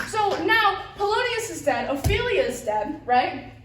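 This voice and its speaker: A very high-voiced woman rambles through a plot summary for her class, giggling and leaning on filler words. She sounds distant, picked up from across an echoey classroom. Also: sing-song, a little slow, a bit bright, a little hiss or hum. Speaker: student giving a class presentation. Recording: roomy, from a distance.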